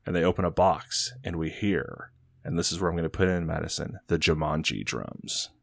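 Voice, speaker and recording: Man, very deep voice, dry studio sound, rambling casual podcast storyteller. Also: moderate pace, vocal fry, a bit bright, husky, no echo. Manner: rambling storyteller, many fillers. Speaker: podcast co-host pitching a movie sequel. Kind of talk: casual comedic chat.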